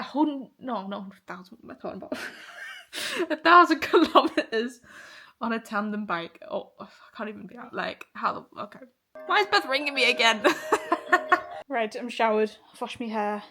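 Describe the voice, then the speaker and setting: A young woman from the of England talking casually to camera in a weekly vlog, chatty and open, swearing freely and laughing often. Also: medium pitch. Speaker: vlogger.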